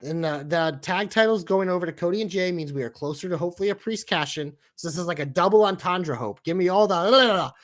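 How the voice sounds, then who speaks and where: A man's voice: sits high, fast talker, few pauses. A man co-hosting a casual wrestling podcast, ranting heatedly with lots of swearing. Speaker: podcast co-host.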